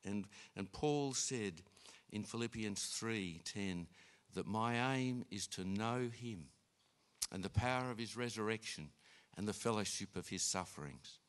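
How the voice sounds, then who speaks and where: A man preaching a sermon in an unhurried way, with frequent restarts and fillers. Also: lowish voice. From Australia. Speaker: pastor.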